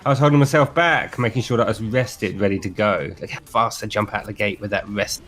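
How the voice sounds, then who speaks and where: A man's voice: on the low side, brisk, a bit bright. A man, co-hosting a casual gameplay review and joking at his own mistakes. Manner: self-deprecating, jokey, laughs at himself. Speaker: co-host whose play is being reviewed.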